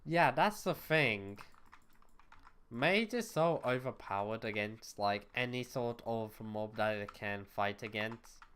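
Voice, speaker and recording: A man's voice: on the low side, takes it slowly, a bit bright, a little hiss or hum. A man streaming a video game as a VTuber, talking to chat in a rambling, blunt and exasperated way, swearing freely. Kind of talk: casual gaming livestream chat.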